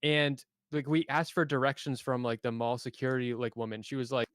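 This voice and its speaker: A young man tells a story in a loose, rambling way, filling every pause with "like". His voice sits at an ordinary middle pitch and sounds dry and close, with no room around it. It has the feel of a voice-call chat. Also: little pitch movement, a bit bright, clean tone, no room sound. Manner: rambling, heavy use of filler "like". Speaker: online debate participant. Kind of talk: casual storytelling.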